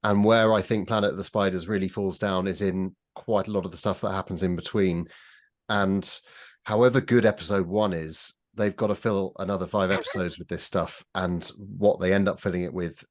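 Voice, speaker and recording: A man with a fairly low voice talks casually on a podcast panel. He gives his views in a dry, wry way, with a critical edge. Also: steady tone, moderate pace. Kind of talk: casual chat.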